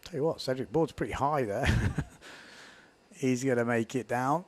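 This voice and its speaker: A man giving live, chatty commentary on a windsurf race, building excitement at key moments. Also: medium pitch, unhurried.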